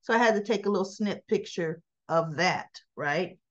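A woman's voice: lowish voice, moderate pace. A woman casually recapping a daytime soap episode, acting out the characters' lines as she tells it. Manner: animated retelling, acts out dialogue in quotes. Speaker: soap opera reviewer. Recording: slightly dull lo-fi audio.

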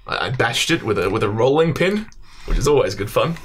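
A man's voice: mid-range voice, expressive, fairly quick, fairly bright tone, slight background noise. A young Australian man co-hosting a casual podcast, joking and swearing, self-mocking and laughing often. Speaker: podcast co-host.

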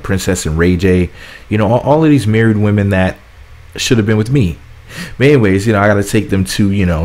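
A man's voice: sits low, a little mellow. A man hosting a celebrity gossip channel, reading viewers' comments aloud in a chatty, sassy way and laughing at his own asides.

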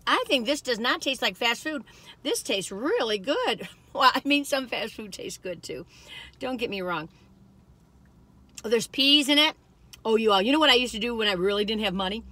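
Woman, chatty, folksy, bright, talks while eating in a car. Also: fairly high pitch. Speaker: food reviewer vlogger. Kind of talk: casual chatty food review. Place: parked car.

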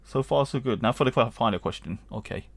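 Gravelly man, let's-play chatter. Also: medium pitch, fast talker, no echo. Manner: reads game text aloud, rambling, hums and chuckles. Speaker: gaming channel host. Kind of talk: casual let's-play commentary.

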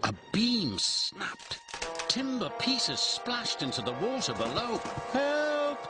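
A man narrating a children's read-along storybook in an expressive, dramatic way. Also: high-pitched, slow pace. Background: music.

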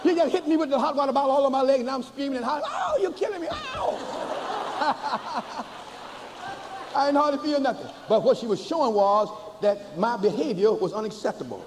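An older man, a bishop preaching a sermon to a church congregation, folksy and humorous, slowing to chanted emphasis. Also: very high voice, slight background noise. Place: large church before a congregation. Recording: hall reverb with faint ambience, cassette.

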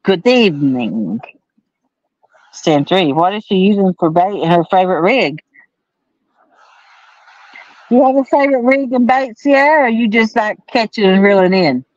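A woman's voice: mid-range voice, animated, normal speed, long pauses, darkish tone, dry recording. A woman hosting a fishing livestream from a pontoon boat at night, chatting and reading viewer comments in a drawling, playful way. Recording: slightly dull, lo-fi sound.

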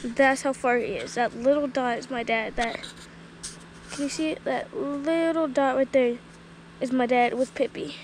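A woman with a high, bright voice narrates a casual family vlog outside in a rural yard. She talks chattily to her phone camera and eggs a dog on with eager calls. Faint background noise runs underneath. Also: a little slow, rough recording. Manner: chatty, excitedly urging a dog on. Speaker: family vlogger. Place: outdoors in a rural yard and field. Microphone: handheld phone camera.

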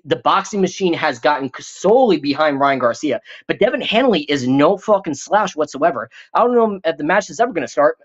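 A man runs a live stream and talks through viewer comments in a casual, rambling way. He swears freely and jokes constantly. His pitch leaps and swoops, and the audio is dull and lo-fi. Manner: profane, rambling, joking and hyped.

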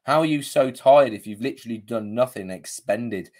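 A man's voice: mid-range voice, moderate pace, darkish tone. A man coaching viewers on a live video, chatty and casual, often checking in with "okay?", his voice a bit worn. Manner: chatty, punctuates with "okay?" and "you know". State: slightly losing his voice. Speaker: diabetes coach.

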